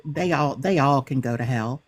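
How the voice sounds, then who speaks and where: A woman's voice: extremely low pitch, moderate pace. A woman chatting on a video call, laughing and complaining bluntly with some swearing. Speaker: group chat participant. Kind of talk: casual profane chat on a video call.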